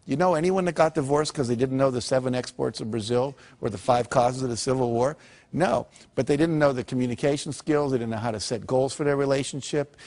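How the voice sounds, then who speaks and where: A man's voice: medium pitch, darkish tone. A man giving a motivational seminar talk to a live audience, telling stories with emphasis and asking the audience rhetorical questions. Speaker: motivational speaker.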